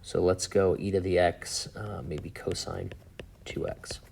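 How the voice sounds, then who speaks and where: Low-voiced man teaching math casually. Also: level tone, unhurried, creaky, darkish tone, husky. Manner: thinks aloud with fillers and asides. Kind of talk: casual whiteboard lesson.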